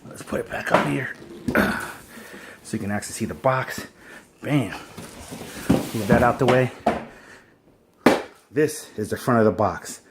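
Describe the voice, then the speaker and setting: Against a noisy background, a man with a lowish voice unboxes a kitchen appliance at home in a laid-back, slangy ramble. This vlogger records on a phone propped on a wobbly stand.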